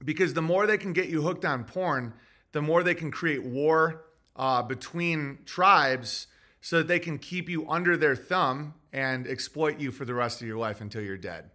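Male podcast host, high bright voice, profane agitated rant. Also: moderate pace. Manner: profane, agitated ranting with restarts and mock voices. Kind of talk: rambling commentary monologue.

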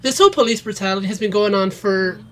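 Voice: medium pitch, fast. A podcast co-host giving short, dry reactions in a casual chat.

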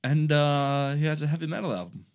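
A man's voice: fairly high pitch, animated, fairly quick. A man joining a podcast chat as guest, chiming in briefly and hesitantly while searching for words. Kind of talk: casual chat.

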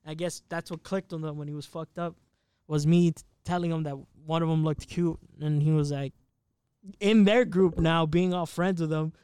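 A man's voice: a little high, steady tone, normal speed, darkish tone, smooth, no room sound, studio quality. A man in his twenties telling a rambling, profane story in a casual podcast chat. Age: 20s. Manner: rambling, profane, laughs at himself.

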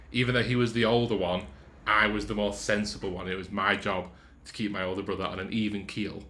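Brief: male tabletop player with a low, bright, forceful voice who speaks in quick bursts. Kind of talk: casual tabletop play.

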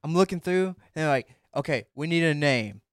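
A man's voice: fairly high pitch, lively intonation, a little fast, clear, resonant tone, dry recording, clean studio sound. A young man in casual podcast chat, telling a story in a laid-back, profane way.

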